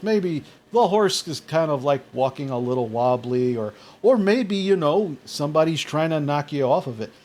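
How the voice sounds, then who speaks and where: A man's voice: on the high side, a little mellow, close to an everyday voice. A man playing a polite, apologetic male magic shopkeeper who rambles with many fillers.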